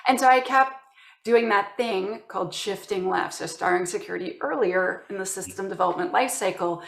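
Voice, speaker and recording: A woman from Canada, a guest chatting casually in an interview and telling stories with lively acted-out quotes. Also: on the high side, brisk, reverberant. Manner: animated storytelling, acting out quoted voices.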